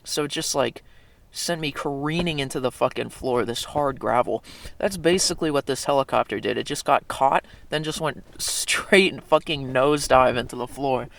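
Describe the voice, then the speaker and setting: A man's voice: medium pitch, moderate pace, creaky, fairly bright tone. A young man telling a story in a casual, rambling monologue, swearing a lot and correcting himself as he goes. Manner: profane, rambling, with frequent fillers and self-corrections. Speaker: video creator.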